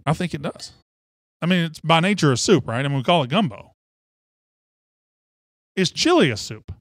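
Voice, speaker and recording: A man's voice: fairly high pitch, big pitch swings, moderate pace, no room sound, studio quality. A man hosting sports talk radio, fired up and opinionated, rambling from one take to the next.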